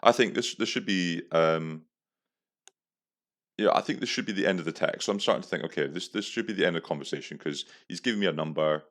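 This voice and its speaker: A man's voice: low voice, fast talker, a bit bright. A young man hosting a podcast, telling a story in a crude, profane, comic rant. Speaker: podcast host. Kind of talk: casual storytelling monologue.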